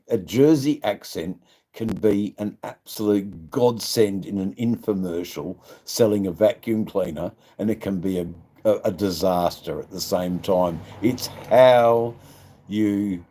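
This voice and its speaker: Speaking slowly with a lowish, dark voice, an Australian man runs his own live stream. He rambles through casual chat in a crude, joking way, dropping plenty of ums and laughing often.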